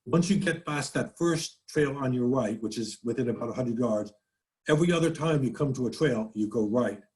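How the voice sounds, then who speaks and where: A man's voice: mid-range voice, moderate pace, darkish tone, rough recording. A man with a New England accent giving a casual nature slide talk, chatty and full of restarts, now and then imitating birdsongs. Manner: folksy, mimics birdsongs, frequent restarts. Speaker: nature presenter.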